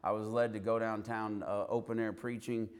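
A man's voice: fairly low pitch, moderate pace. A man preaching and telling a personal testimony, acting out quotes as he goes. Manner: animated storyteller who acts out quotes. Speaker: street preacher. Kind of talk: sermon testimony storytelling.

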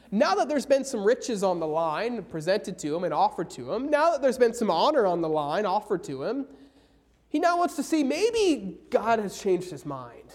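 A man preaching a sermon, slowing down hard on key phrases and reading scripture aloud. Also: high-pitched, darkish tone. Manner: emphatic, slows down for key phrases.

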